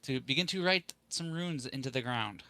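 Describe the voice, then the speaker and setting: A man playing a tabletop game, casually describing his character's actions in a relaxed way. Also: medium pitch, normal speed. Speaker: player.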